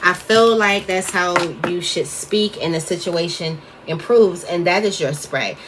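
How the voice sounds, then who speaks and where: Chatty low-voiced woman reading tarot. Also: measured pace, noisy background. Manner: chatty, wanders off topic, talks to viewers as y'all. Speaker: tarot reader.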